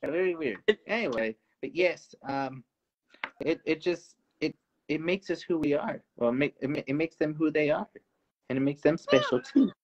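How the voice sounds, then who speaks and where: A man voicing an upbeat, jokey puppet buddy who talks in jumpy bursts, on a dull lo-fi recording. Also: moderate pace. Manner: jumpy, jokey, swings in pitch. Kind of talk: live puppet show chat.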